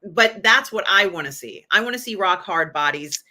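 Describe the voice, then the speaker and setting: Co-host, woman, bright forward voice, emphatic and opinionated. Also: mid-range voice, animated, normal speed. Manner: emphatic, opinionated, many fillers. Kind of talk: casual pop culture chat.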